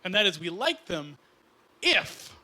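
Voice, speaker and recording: A Canadian man performing a stand-up comedy routine on a club stage, animated and mocking, slipping into mock outrage. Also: high-pitched, a little slow.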